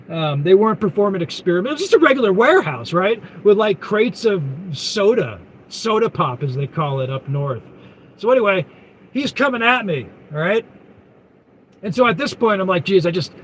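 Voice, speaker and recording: Male trucker, rambling storyteller, high voice, faint hum behind. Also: low-quality recording. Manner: rambling, chuckling anecdotes. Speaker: truck driver. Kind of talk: casual storytelling.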